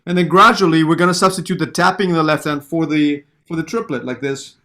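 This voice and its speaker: A man's voice: a little high, steady tone, fast talker, sharp tone. A man giving a piano lesson, patiently counting beats aloud and singing the rhythms he wants. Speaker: piano teacher. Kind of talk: online music lesson.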